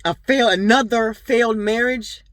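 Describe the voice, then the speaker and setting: A young adult woman who runs a boutique and vlogs talks directly to her viewers in a casual personal vlog. Her voice is on the high side and her pace moderate, and the recording is dry. She tells her stories earnestly and rambles, with plenty of fillers.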